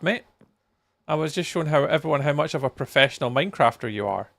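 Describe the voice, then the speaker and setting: Very gravelly tired man streaming. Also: fairly high pitch, very animated, brisk, pauses often, fairly bright tone, no echo. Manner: chatty, reacts to chat messages, talks while playing. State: tired, yawning. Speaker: game streamer. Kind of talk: casual live-stream chat with viewers.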